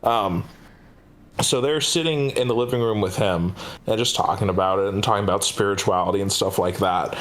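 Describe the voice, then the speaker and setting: A man co-hosting a podcast, recapping a trailer in casual chat, hesitant with lots of fillers. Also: normal speed. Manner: rambling, hesitant with many fillers, jumps high for quoted voices. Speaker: podcast co-host.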